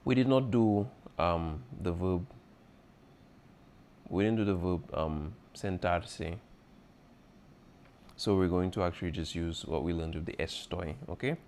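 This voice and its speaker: A man's voice: low-pitched, unhurried, pauses often, darkish tone, a little hiss or hum. A man as a teacher going over an exam review, patiently repeating key points and checking in with his students. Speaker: Spanish teacher.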